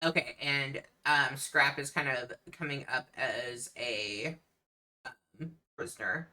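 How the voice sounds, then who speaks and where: A woman's voice: a bass voice, takes it slowly, sharp tone. A woman running a tabletop game as game master, narrating with many hesitant ums.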